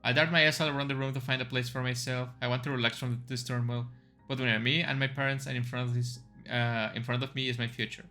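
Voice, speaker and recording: Guy reading a story game out loud, chatty asides, bright voice, faint music under it. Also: mid-range voice, level tone, fast. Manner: reads narration aloud, casual asides. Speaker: streamer playing a story game. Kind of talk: let's-play reading and commentary.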